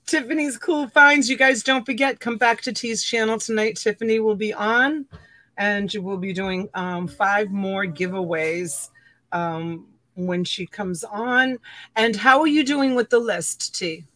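A woman's voice: mid-range voice, unhurried, no room sound. A woman in her fifties hosting a casual live-stream auction, greeting viewers by name and calling them honey and sweetheart. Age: 50s. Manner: warm greetings to viewers, laughs often, calls people honey and sweetheart.

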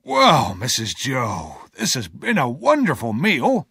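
A man's voice: mid-range voice, wildly swooping pitch, slow pace, creaky, pushed and bright, slightly rough, dry recording, clean studio sound, heavily acted. A man reading a story aloud and voicing a fat, pompous, greedy older man in a hearty, self-satisfied tone.

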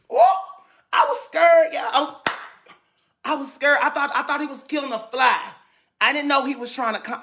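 A man's voice: very high voice, bright, forceful tone. A man from St. Louis ranting dramatically on a livestream, sassy and repetitive, often stumbling over his words. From St. Louis, USA. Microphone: phone.

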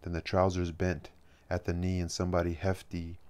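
A man reading a novel aloud as an audiobook, measured and steady with occasional restarts. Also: low voice. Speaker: audiobook reader.

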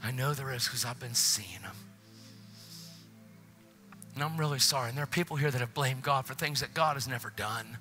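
A man preaching a passionate sermon in a church, often dropping into hushed whispers. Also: medium pitch, moderate pace, long pauses, soft background music. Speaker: guest preacher. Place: church, faint music behind.

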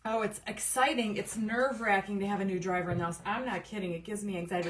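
A woman's voice: medium pitch, fairly even intonation, fast talker, hardly any pauses. A middle-aged woman hosting a casual crafting livestream. She chats along, greets viewers by name and drifts into rambling asides. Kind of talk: casual live crafting chat. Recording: slightly distant mic with faint room noise.

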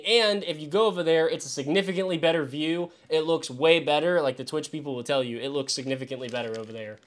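A man's voice: fairly high pitch, quick pace, hardly any pauses. Slangy young man streaming live. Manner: slangy, rambling, excitable bursts. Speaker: fantasy football streamer. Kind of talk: casual livestream chat.

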